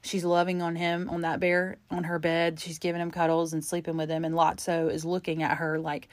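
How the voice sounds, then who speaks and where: A woman's voice: on the low side, completely flat delivery, a little fast, few pauses, no room sound. A young adult woman hosting a solo podcast, talking openly and confessionally, rambling with fillers and close to tears. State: holding back tears. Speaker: podcast host. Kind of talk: candid solo podcast monologue.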